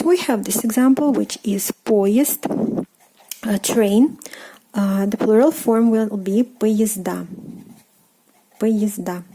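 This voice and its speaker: A woman with a Russian accent teaching a language lesson, patient and hesitant, with many fillers, saying each word slowly and more than once. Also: on the high side, dark tone. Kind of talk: slow, careful language lesson.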